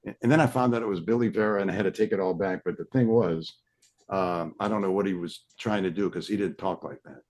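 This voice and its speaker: A male podcast host from South Louisiana wanders through his stories in relaxed, rambling chat. His voice runs low for a man, and he often drifts off into side stories. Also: fast. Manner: rambling, digressive storyteller.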